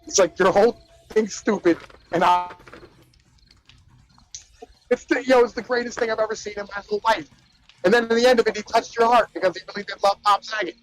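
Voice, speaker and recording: A man co-hosting a casual chat show, retelling comedy bits in an animated, profane way with lots of "like" and "right?". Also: sits high, racing, rough recording. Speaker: podcast co-host.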